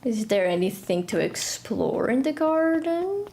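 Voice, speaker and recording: Young woman, high animated voice, slow chatty delivery, echoey room. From Portugal. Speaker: streamer. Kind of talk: live game stream commentary. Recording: echoey room with faint noise.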